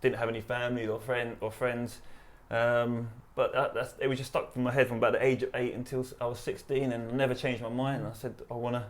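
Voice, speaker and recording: A man's voice: medium pitch, fast talker, few pauses. East London man telling his story. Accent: London English. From East London, England. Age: 30s. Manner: relaxed, chatty, laughs while retelling. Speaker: charity founder, army veteran guest. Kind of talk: casual interview storytelling.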